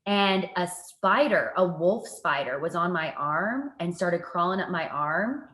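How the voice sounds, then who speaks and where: A woman, a TV reporter, telling stories from her work in a casual interview, lively and self-mocking. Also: on the low side, a little slow, echoey room. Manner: lively, animated storytelling with self-mocking asides. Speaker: guest, TV reporter and anchor.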